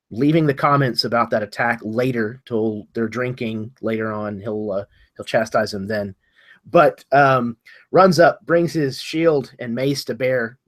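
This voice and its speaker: A man's voice: medium pitch, a bit bright. Hesitant man describing his dwarf cleric. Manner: hesitant, many ums and restarts. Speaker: player. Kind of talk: describing his character's actions in a tabletop game.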